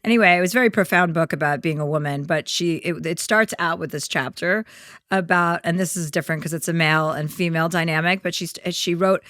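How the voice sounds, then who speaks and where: A woman in her forties hosts a casual podcast chat, and her talk comes across as blunt and sarcastic, salted with swearing. Her voice sits a little low but has a bright, forceful edge. The sound is dry and close, with no room echo. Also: fast talker. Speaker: podcast host.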